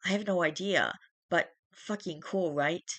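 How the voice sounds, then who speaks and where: Slurring sick young man, breathy, weak, voiced by the reader, horror story reading, dry close sound, middle pitch. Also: unhurried, a bit bright, dry recording. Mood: weak, slurred. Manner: slurred, breathy, speaking through short breaths.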